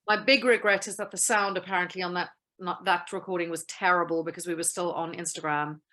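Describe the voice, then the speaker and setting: A woman guest on an interview show, talking about her work in a lively, storytelling way. Her voice is bright and forceful and carries well. It has the loose feel of casual conversation. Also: fairly low pitch, brisk. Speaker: guest actress.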